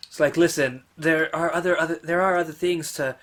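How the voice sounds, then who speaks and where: A man's voice: fairly high pitch, fairly even intonation, fairly quick, a bit bright. A man playing a video game and chatting casually with a friend, arguing points, joking and reading the game's text aloud. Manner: argumentative, joking, reads on-screen text aloud. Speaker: player and co-host. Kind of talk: casual let's-play banter.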